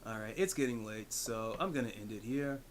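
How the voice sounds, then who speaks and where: A man's voice: lowish voice, a little fast, a little hiss or hum. A man streaming a retro video game, chatting casually, rambling through asides and swearing freely. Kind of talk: casual gaming commentary. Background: game music.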